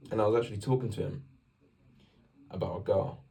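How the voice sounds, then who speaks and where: Recorded from a distance, this English vlogger has a lowish, husky voice and a fairly quick pace. Talking about faith to the camera, he's lively and wandering, repeatedly interrupting himself to start over.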